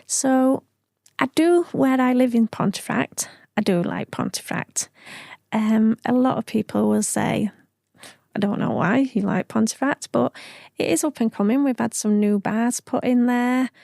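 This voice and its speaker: A woman's voice: on the high side, measured pace, gravelly, mellow, dry recording, studio quality. A middle-aged woman from Yorkshire with a broad Yorkshire accent, chatting in an interview about her family and her home town. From Yorkshire, England. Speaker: charity founder, guest. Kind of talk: casual interview chat.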